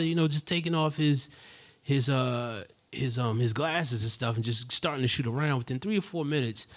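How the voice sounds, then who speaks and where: A man hosting a live stream, telling a story in a casual, rambling, slangy way with many asides and restarts. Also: mid-range voice.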